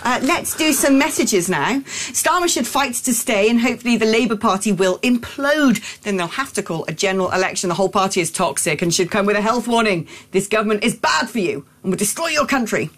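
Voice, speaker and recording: A woman's voice: medium pitch, lively intonation, brisk, few pauses, a bit bright. A woman hosting a radio phone-in, chatty and teasing. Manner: chatty, teasing, laughs often. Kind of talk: casual radio chat.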